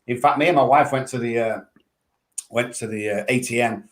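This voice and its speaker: A man hosting a podcast in a mid-pitched, ordinary voice. He speaks bluntly and frankly and drops casual swear words into the conversation. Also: moderate pace. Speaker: podcast host. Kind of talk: conversational interview.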